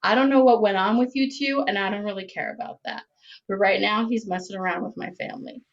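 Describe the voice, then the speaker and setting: A woman voicing a stern male dealer, speaking low and flatly with a warning tone. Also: fast talker, dull audio, lightly acted.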